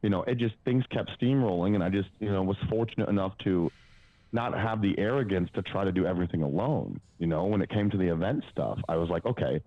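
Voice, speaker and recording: A deep-voiced, fast-talking powerlifting coach in his twenties rambles casually through stories as a podcast guest, with lots of fillers and the occasional swear. The audio is dull, with no echo.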